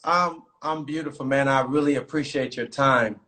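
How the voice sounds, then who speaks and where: A man's voice: medium pitch, normal speed, sharp tone. Laid-back male podcast host. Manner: loose, filler-heavy, hypes up viewers. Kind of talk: casual live-stream chat.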